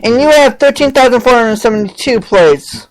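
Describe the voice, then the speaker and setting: A woman's voice: a little high, normal speed, low-quality recording. A woman hosting an online talk show, mocking a rival in sarcastic, exclaiming commentary. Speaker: podcast host. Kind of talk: ranting commentary on a played clip.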